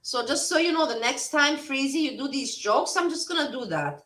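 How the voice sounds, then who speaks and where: A woman's voice: high-pitched, lively intonation, normal speed, fairly bright tone, echoey room, distant mic, rough recording. A woman hosting a casual livestream chat, rambling and blunt, swearing freely. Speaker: livestream host.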